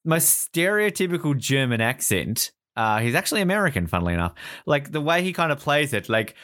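A man's voice: mid-range voice, fairly quick, dry recording. A man co-hosting a podcast, chatting casually over a film, often laughing and quoting lines. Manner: animated, laughs often, quotes film lines in put-on voices. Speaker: podcast co-host. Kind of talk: casual movie commentary.

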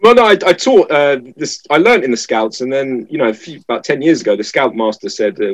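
A man chatting as a guest and telling anecdotes with animated voices. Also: medium pitch, fairly quick, hardly any pauses, no room sound. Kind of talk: casual chat.

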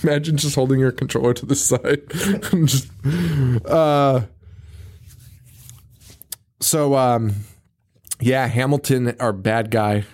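A male podcast co-host recapping a film in casual chat, laughing often, swearing and acting out characters in quick voices. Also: mid-range voice, fairly even intonation, darkish tone.

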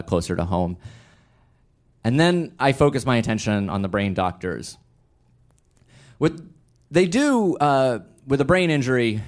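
A male storyteller telling a personal story in a wry, self-deprecating way, halting and restarting as he goes. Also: lowish voice.

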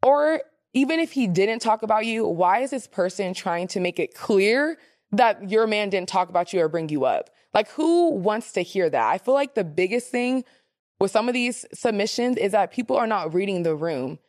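Chatty, sassy female podcast host who acts out the quotes, mid pitch, dry close mic. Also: expressive, normal speed, darkish tone, dry recording. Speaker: podcast host answering listener questions. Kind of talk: casual advice chat.

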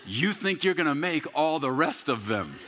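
A man in his thirties preaching a sermon as a pastor, telling a story with humor and bursts of shouting. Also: a little high, big pitch swings, normal speed, long reverb tail, a little hiss or hum.

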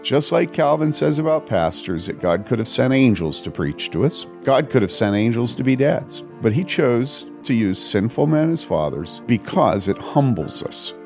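A man's voice: mid-range voice, sing-song, moderate pace, gravelly, hardly any pauses, faint music behind. An older man, a pastor, telling personal stories on a podcast in an earnest, emphatic way with frequent repetition. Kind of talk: storytelling on a podcast.

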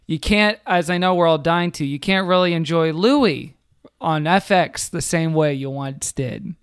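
A man's voice: fairly high pitch, measured pace, clear, resonant tone, dry recording, studio quality. A man co-hosting a comedy podcast over a video call, joking and slipping into mock-solemn tones. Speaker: podcast co-host. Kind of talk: casual comedic chat.

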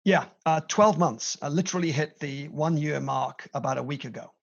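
A middle-aged British man speaks as a podcast guest, his voice set a little high and carrying a gravelly rasp. He tells his story with energy and playful emphasis. The recording sounds dull and lo-fi. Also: moderate pace. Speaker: guest, company CEO. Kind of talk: podcast interview. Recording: dull lo-fi audio.

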